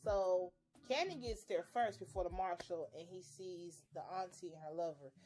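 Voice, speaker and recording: A woman's voice: fairly low pitch, moderate pace. A young woman giving a casual, blunt and profanity-filled recap and reaction to a TV episode. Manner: profane, blunt and animated, with frequent swearing. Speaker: TV episode reviewer.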